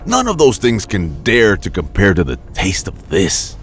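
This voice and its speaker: A man voicing a cannibal hunter father who is stern and gleeful, calm and coaxing. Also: low-pitched, unhurried, a little hiss or hum, exaggerated voice.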